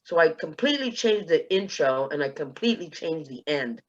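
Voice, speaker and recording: A woman from South Texas on a panel, telling a personal story in a lively way and acting out the dialogue. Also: deep voice, fairly quick, highs cut off. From South Texas, USA. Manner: lively, acts out dialogue in quotes. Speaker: panelist, speech contest finalist.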